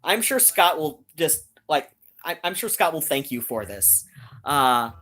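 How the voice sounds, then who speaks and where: A woman with a slightly low voice hosts a casual live stream. She rambles through a story, circling back with fillers and restarts. She talks directly to the viewers watching in chat. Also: very animated, a little slow, fairly bright tone.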